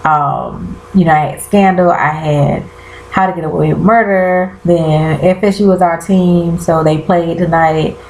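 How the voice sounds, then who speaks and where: A woman's voice: lowish voice, fairly even intonation, a little slow, darkish tone, roomy sound, a little hiss or hum, rough recording. A woman chatting casually to her viewers, calling them y'all and exclaiming as she recaps a TV episode. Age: 30s. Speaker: vlogger. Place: bedroom at home.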